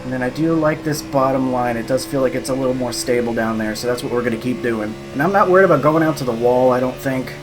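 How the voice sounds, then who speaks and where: A man narrates his own sim race in a loose, thinking-aloud way, slightly out of breath and chuckling at himself now and then. His pitch sits in an ordinary middle range, with a faint hiss under the voice. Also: fast talker, few pauses. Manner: thinking aloud, relaxed, laughs softly at himself. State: a little out of breath. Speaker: sim racing streamer. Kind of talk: casual live commentary while driving. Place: room at home.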